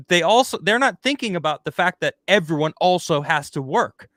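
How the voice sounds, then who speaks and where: A man hosting a casual podcast chat, talking in an animated, rambling way and acting out the people he quotes. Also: on the high side, a little fast, few pauses, no echo, clean studio sound. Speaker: host.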